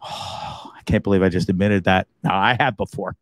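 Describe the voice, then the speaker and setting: A man hosting a live stream, joking, laughing and swearing freely in a casual, animated way. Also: low-pitched, moderate pace, no room sound. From Canada, Hamilton region.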